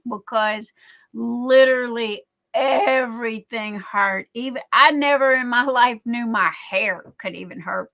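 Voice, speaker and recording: A woman's voice: on the high side, sharp tone. A middle-aged woman hosting a livestream, chatting in a rambling way full of fillers and restarts. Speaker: livestream host. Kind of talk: casual chat.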